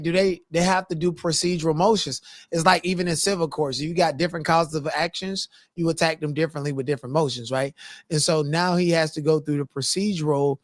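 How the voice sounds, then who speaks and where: A man's voice: on the high side, dry recording, clean studio sound. A man co-hosting a casual chat, explaining points in detail and arguing his view. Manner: explanatory, argumentative, legal jargon. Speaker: co-host.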